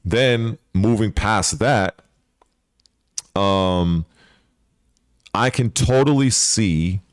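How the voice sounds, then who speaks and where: Male gaming host, lowish voice, dry close sound, loose and profane speculative riffing. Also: clear, resonant tone, no room sound. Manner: rambling and profane, with frequent restarts. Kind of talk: casual speculative commentary.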